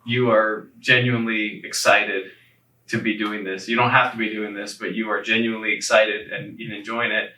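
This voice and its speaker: A man's voice: fairly low pitch, little pitch movement, moderate pace, sharp tone. A man interviewing a guest, asking questions in an admiring, earnest way. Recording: roomy echo, distant mic.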